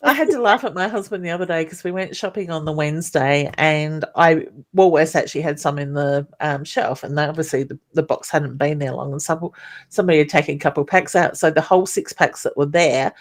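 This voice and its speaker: A middle-aged Australian woman with a low voice hosts a live psychic reading show. She speaks in a soothing, reassuring way, often calling people honey, and she chats casually between readings. She sounds like she is on a webcam mic. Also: fairly quick.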